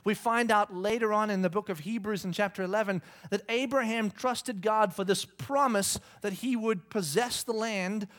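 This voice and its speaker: Guy pastor, high voice, lively storytelling sermon, cracks jokes about his kids. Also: moderate pace, hardly any pauses. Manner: animated storyteller acting out his kids' shouting. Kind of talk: sermon with humorous family story.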